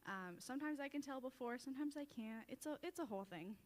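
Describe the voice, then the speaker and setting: A woman's voice: sits high, lively intonation, fast talker, long reverb tail. A young woman giving a chatty, self-deprecating farewell tribute at a church service, often breaking into laughter. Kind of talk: casual storytelling speech.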